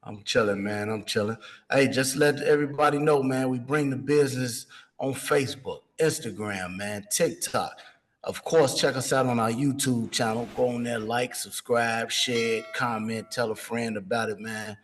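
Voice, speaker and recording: A man's voice: medium pitch, steady tone, moderate pace. A man co-hosting a casual talk show, laid-back and dropping "man" into almost every line. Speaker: co-host. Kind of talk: casual podcast chat.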